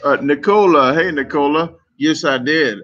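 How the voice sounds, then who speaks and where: Dude rambling on a live stream reading comments, restarts a lot, kinda dull lo-fi sound. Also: male voice, fairly high pitch, normal speed. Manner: rambling, self-interrupting storytelling. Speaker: competitive eater streamer.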